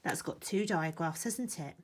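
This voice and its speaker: A woman leading a children's phonics lesson with a puppet, talking in animated exclamations that sometimes drop to a hushed whisper. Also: low voice, unhurried. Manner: animated, exaggerated exclamations, drops to a hush at times.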